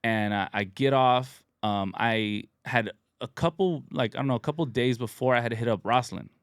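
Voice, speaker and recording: A man hosting a podcast, telling a story in a casual, animated way and laughing as he goes. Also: mid-range voice, moderate pace, clean tone, dry recording, studio quality. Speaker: podcast host.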